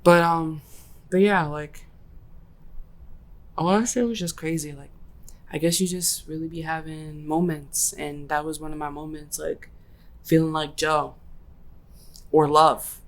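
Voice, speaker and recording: Low-voiced young woman telling a story. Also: unhurried, pauses often. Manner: animated, slangy storytelling with voiced-out quotes. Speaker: podcast host. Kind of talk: casual storytelling chat.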